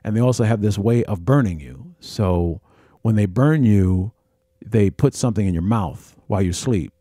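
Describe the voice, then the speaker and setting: A man hosting a podcast, recounting his own experiences in a halting, repetitive, earnest monologue. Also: fairly low pitch, lively intonation, warm tone, no echo, studio quality. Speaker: podcast host. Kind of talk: personal storytelling monologue.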